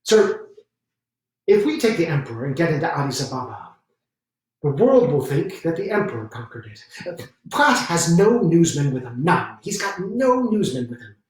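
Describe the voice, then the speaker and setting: A man's voice: a little high, big pitch swings, normal speed. A deferential young newsman hedges and stumbles, always adding "sir", as a man puts him on. He is heard from a distance on a live stage, with a large, echoing room around him. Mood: eager. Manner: hesitant, deferential, fond of saying "sir". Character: eager American newsman, young man, scheming. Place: theater stage. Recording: echoey stage from far off.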